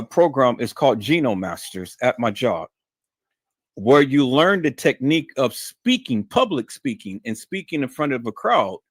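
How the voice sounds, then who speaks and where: A man hosting a live stream, talking to his audience and repeating himself, sometimes dropping low and sometimes raising his voice high for emphasis. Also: no echo, studio quality. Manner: shifts from low muttering to high shouted emphasis; repetitive, addresses audience as "peoples". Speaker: YouTube live stream host. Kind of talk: livestream monologue.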